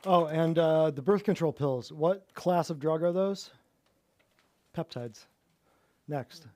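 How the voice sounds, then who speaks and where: Sarcastic high-voiced male host. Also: measured pace, warm tone. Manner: sarcastic, mocking, repeats words for emphasis. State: winded. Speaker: podcast host. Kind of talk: sarcastic monologue.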